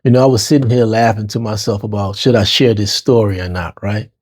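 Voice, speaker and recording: A man's voice: fairly low pitch, fairly even intonation, a little fast, darkish tone, husky. New Orleans man telling his story. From New Orleans, Lower Ninth Ward. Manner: casual, street-slang phrasing, talks to listeners as y'all. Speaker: podcast host. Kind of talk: personal storytelling monologue.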